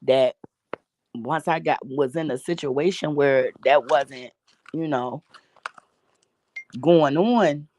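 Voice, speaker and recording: A woman's voice: sits low, slow pace, pauses often, darkish tone, slight background noise. A middle-aged woman vlogging a candid story, with profane, emphatic and preachy talk.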